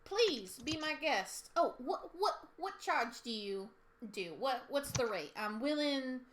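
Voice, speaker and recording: A woman's voice: high voice, lively intonation, takes it slowly, full character voice. A woman voicing a friendly middle-aged innkeeper with a put-on Southern accent and a folksy, drawling manner. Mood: eager. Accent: American Southern, put on. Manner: warm folksy hospitality, drawling.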